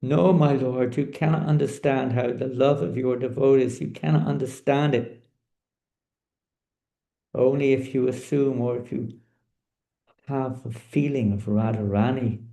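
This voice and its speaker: A man's voice: medium pitch, a little slow, vocal fry, mellow, roomy sound. A man voicing a devoted queen who weeps and pleads with her lord, telling a sacred story in a sermon. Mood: earnest. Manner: pleading, tearful. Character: Rukmini, a queen, weeping and devoted.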